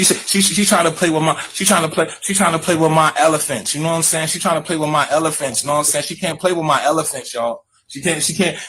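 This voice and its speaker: A man's voice: a little high, fairly bright tone, rough recording. Playful rambling man from Virginia. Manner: rambling, repeats phrases, playful slang. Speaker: show host. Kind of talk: joking live-stream chat. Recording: faint background noise.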